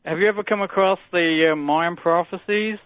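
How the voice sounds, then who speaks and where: Caller: slightly high male voice, rambling and jokey, dull phone-line sound. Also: normal speed, no echo. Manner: rambling, jokey conspiracy musings. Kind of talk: phone-in call.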